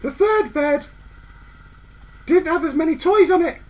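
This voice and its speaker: A woman with a high voice tells a children's story in a lively, playful way. She is a little bossy and keeps the tale moving. The recording is dull and lo-fi. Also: a little slow. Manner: bossy narrator who acts out the girls' lines.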